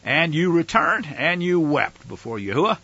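A man's voice: fairly high pitch, big pitch swings, normal speed, gravelly, sharp tone, husky, no echo, muffled recording. A man teaching from the Bible, reading scripture aloud with dramatic emphasis and breaking in with casual, plain-spoken asides.

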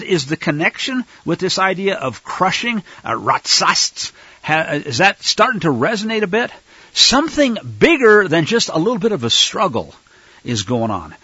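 A man teaches a Bible story with animated, swooping delivery and a somewhat husky tone. His voice sits a little high for a man and sounds dry and close. The recording is dull and lo-fi. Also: no room sound. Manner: animated, voices the characters, many fillers. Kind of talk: Torah teaching with dramatized readings.

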